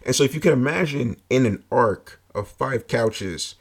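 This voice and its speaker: A man's voice: mid-range voice, expressive, moderate pace, husky. A man telling a personal story in a casual, rambling way, full of filler words and swearing.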